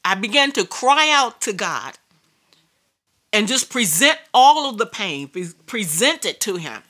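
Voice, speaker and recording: A woman's voice: medium pitch, very animated, measured pace, fairly bright tone. A woman preacher telling a personal story in a sermon, emphatic and repetitive. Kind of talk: sermon testimony.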